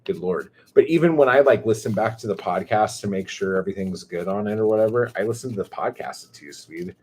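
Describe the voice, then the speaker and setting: A man with a Californian accent chatting casually on a livestream, drawing his words out slowly, swearing freely and rambling as he reads chat aloud. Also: on the low side, expressive, a little mellow, breathy edge. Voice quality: slow, drawn-out surfer-dude drawl.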